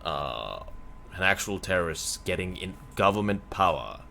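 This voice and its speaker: A man's voice: low-pitched, big pitch swings, normal speed, gravelly, pushed and bright, slight background noise. A streamer man reading news aloud and adding blunt comments, stumbling over hard names.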